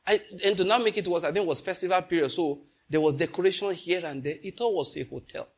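A middle-aged Nigerian man preaching a sermon, telling stories and slipping into pidgin, moving between loud and hushed delivery. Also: high-pitched, fast talker, husky. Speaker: pastor. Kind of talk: sermon with storytelling.

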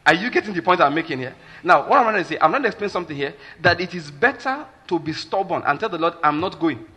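Husky Nigerian man preaching a sermon. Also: sits high, expressive, fast talker, bright, forceful tone. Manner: emphatic, keeps asking the listeners if they follow. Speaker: pastor.

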